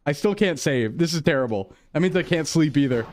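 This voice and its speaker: A man's voice: on the high side, expressive, fast talker, hardly any pauses. A male streamer in casual gameplay chat, rambling to himself and his chat, jumpy and easily startled.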